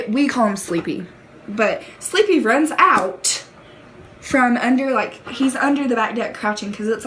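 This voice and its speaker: A chatty Southern woman with a slightly higher voice rambles through a casual storytime vlog. She fills her talk with fillers, giggles and pokes fun at herself. A faint hiss sits under the recording. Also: a bit bright, poor audio. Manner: giggly and self-deprecating. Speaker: vlogger.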